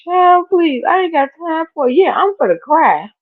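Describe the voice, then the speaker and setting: A woman vlogger chatting casually as she reacts to clips, expressive and quick to laugh. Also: very high voice, dry recording. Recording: tinny, phone-like dry sound.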